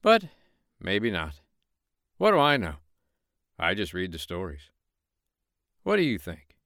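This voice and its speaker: Man reading bedtime stories, folksy and lively, bright clear voice, dry close sound. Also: deep voice, slow pace, no room sound. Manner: warm folksy storyteller. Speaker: bedtime story reader. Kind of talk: storybook narration.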